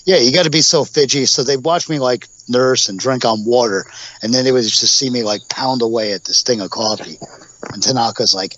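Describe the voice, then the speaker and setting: Male guest, 40s, chatty anecdotal storyteller, mid pitch, muffled podcast audio. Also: brisk, fairly bright tone, a little hiss or hum. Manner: rambling storyteller, acts out quotes with laughs. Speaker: guest, professional wrestler. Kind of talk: casual podcast interview.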